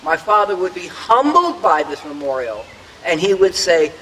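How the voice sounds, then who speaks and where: A man's voice: sits high, very animated, normal speed, in a large hall, a crowd in the background, poor audio. An older man giving a prepared, earnest speech at an outdoor memorial dedication, reminiscing about the past and acting out the voices he quotes. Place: outdoors at a public dedication ceremony.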